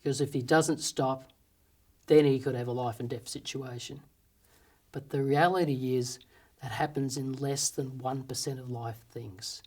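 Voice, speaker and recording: A man at a middle pitch tells a fable and unpacks its moral in an earnest, plain-spoken way. He poses rhetorical questions to the listener as he goes. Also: fairly even intonation, a little slow, a little mellow, husky. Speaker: storyteller and motivational speaker. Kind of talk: telling a fable and drawing its moral.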